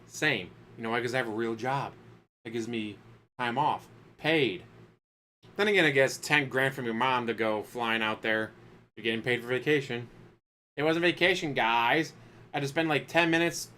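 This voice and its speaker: A man talking over a stream with snide, deadpan sarcastic jabs. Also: medium pitch, moderate pace, slight background noise. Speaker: commentator mocking the stream. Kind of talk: sarcastic talk-over commentary.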